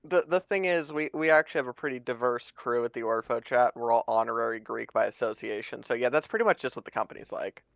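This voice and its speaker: Nasal man, gravelly texture, dull lo-fi voice chat audio, casual chat. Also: medium pitch, fast, hardly any pauses, a bit bright, no room sound. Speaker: guest on voice chat.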